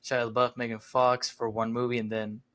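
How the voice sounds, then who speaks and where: Rambling, relaxed male podcast co-host. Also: mid-range voice, brisk. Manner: relaxed, rambling with many "like" fillers. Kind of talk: casual podcast chat.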